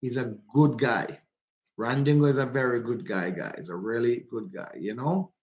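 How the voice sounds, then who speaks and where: A man's voice: mid-range voice, normal speed, a little mellow, highs cut off. A man with a Jamaican accent hosting a casual livestream while out walking. He chats, repeats himself and greets viewers by name. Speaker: livestream host. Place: walking outdoors.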